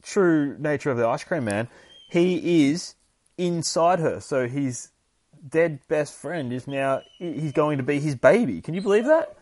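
A man's voice: fairly high pitch, unhurried, dry recording. A man hosting a podcast, recapping a horror comic in a casual, laughing, profane way. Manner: laughing, profane, animated storytelling. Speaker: podcast host.

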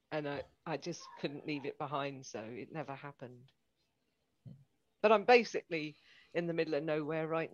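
A woman's voice: low voice, no echo, highs cut off. A woman co-hosting a casual podcast chat from a rural home, chatty and laughing often. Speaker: podcast co-host.

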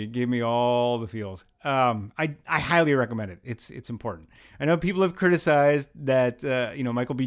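A young adult man hosting a sports podcast, talking casually in a rambling, enthusiastic way, full of fillers and restarts. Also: medium pitch. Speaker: podcast host. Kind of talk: casual monologue.

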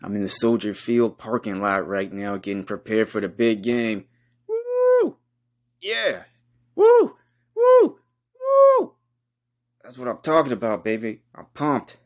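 A man hosting a comedy podcast, giving a crude, boastful hype monologue full of rowdy trash talk and loud whoops. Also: on the low side, normal speed, hardly any pauses.

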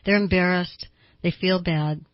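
A middle-aged woman therapist hosting an advice show, talking in a conversational, emphatic way with lively asides. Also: lowish voice, a little slow, no room sound, muffled recording. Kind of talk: advice talk show monologue.

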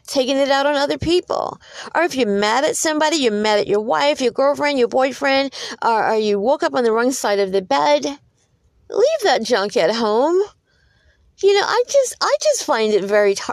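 A woman with a higher voice delivers a solo podcast monologue straight into a close mic. She talks in a preachy, animated way, full of fillers and restarts. The sound is dry, with no room around it. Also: dry recording. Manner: preachy, animated storytelling with frequent fillers and repeats. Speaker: podcast host.

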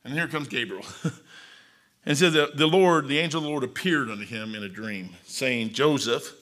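A man preaching a folksy sermon, swinging between loud proclamations and quiet, confiding asides. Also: medium pitch, animated, brisk.

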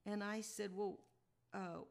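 A woman's voice: medium pitch, steady tone, slow, gravelly, a little mellow. A woman podcast host telling a personal story in a chatty, reflective way and chuckling as she goes.

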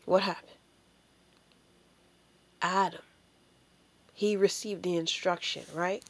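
A woman's voice: lowish voice, steady tone, takes it slowly. A woman giving an informal sermon, emphatic and full of rhetorical questions. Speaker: preacher.

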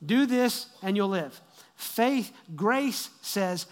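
A pastor with a high voice preaches a sermon extremely slowly and expressively, repeating phrases as he builds and dropping from loud to hushed. His words carry the long reverb of a large church hall.

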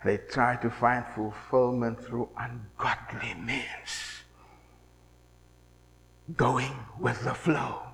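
A male preacher delivering a dramatic sermon, swinging from shouting to a hushed murmur. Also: medium pitch, fairly even intonation, drawn-out words, creaky, long pauses, a little hiss or hum. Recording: echoey hall.

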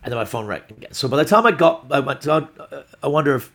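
Gravelly man telling a rambling story. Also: mid-range voice, fast. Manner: rambling, animated storytelling with restarts and acted-out quotes. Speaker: comedian. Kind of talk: storytelling on a podcast.

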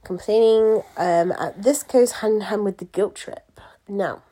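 A woman's voice: medium pitch, measured pace, mellow. A young woman, a pageant coach, talking candidly to her followers in a casual, chatty monologue full of fillers and asides. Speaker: pageant coach and event organiser.

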